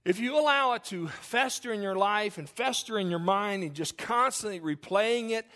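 Man, pastor, mid-life; folksy sermon, jokes and restarts, pitched high. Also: normal speed, bright, forceful tone. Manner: folksy, joking asides, repeats himself.

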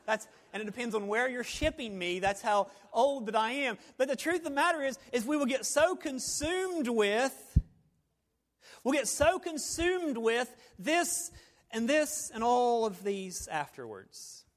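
A male pastor preaching a sermon in church, animated and folksy, swinging from punchy emphasis to hushed, near-whispered lines. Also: very high voice, measured pace. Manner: folksy, joking asides. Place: church sanctuary, evening service.

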